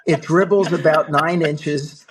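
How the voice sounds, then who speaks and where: Older man telling stories with animated gusto. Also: on the high side, measured pace, background noise. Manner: lively anecdotal storyteller, acts out dialogue. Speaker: guest, film producer. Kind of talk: animated storytelling.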